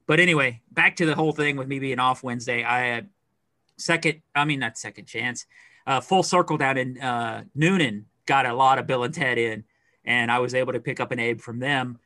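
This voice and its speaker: A middle-aged man co-hosting a podcast chats casually, animated and rambling, with plenty of fillers. He has a mid-range voice and talks fairly quickly, recorded dry with clean studio sound.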